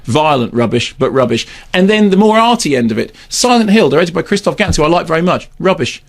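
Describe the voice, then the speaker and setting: Male critic, gravelly and creaky, slightly high, sardonic rambling chatter. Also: big pitch swings, fast talker. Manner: rambling, sardonic, repeats words for comic effect. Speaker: film critic. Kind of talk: casual radio chat, film review.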